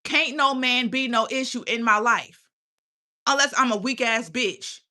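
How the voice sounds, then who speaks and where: A woman's voice: on the high side, a little slow, bright, forceful tone. A young adult woman hosting her own channel, ranting in a blunt, profane, preachy way and firing questions at her viewers. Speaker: channel host. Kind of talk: casual livestream rant.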